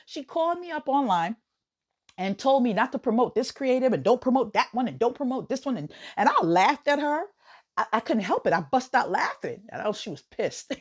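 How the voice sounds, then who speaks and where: An American woman hosting a podcast, talking casually in an animated way, laughing often and swooping up high for emphasis. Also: normal speed, husky. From United States. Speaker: podcast host. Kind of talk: casual monologue.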